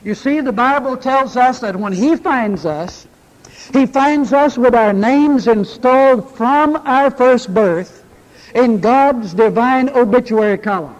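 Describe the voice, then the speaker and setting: A man preaching a sermon, reading scripture and then telling an illustration story with dramatic pauses. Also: extremely high pitch. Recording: long hall reverb.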